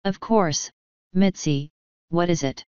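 Woman reading a composed lady of the house, crisp, brisk, lowish clear voice. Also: a little mellow, no echo. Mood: patient. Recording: dull lo-fi dry recording.

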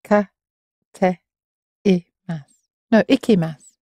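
Tentative woman student, slow and mellow. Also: on the low side, dry recording, clean studio sound. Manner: tentative, self-correcting. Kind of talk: answering in a language lesson.

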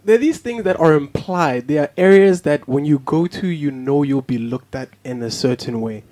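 A young man from South Africa chats as a podcast guest, with a voice that sits a bit high for a man. He tells his story in an animated way, laughs a lot, and slips into the voices of the people in it. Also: moderate pace. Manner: animated, laughs often, acts out what people said. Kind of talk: casual storytelling chat.

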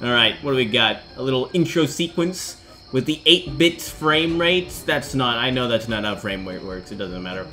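A man playing a horror game and commenting on it in a goofy, joking, excitable way. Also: mid-range voice, moderate pace, soft background music. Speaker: gaming video host.

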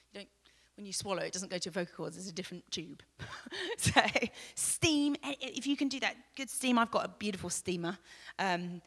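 A woman from England, teaching a live vocal masterclass, chatty and demonstrative, with loud sung demos and soft asides. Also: medium pitch. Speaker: vocal coach. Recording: long hall reverb.

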